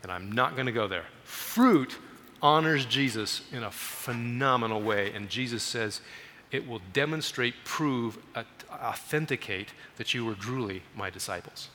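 Animated bright-voiced male preacher. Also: mid-range voice, moderate pace, big-room sound, slight background noise. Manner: animated storytelling, raises voice for emphasis. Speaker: guest missionary preacher. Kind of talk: sermon. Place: church sanctuary.

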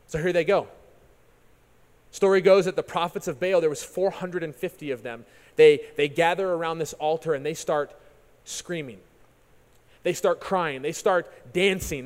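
Man preaching, storytelling sermon, kinda high voice, repeats himself a lot, big church echo. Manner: animated, repeats phrases when restarting. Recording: long reverb of a large hall.

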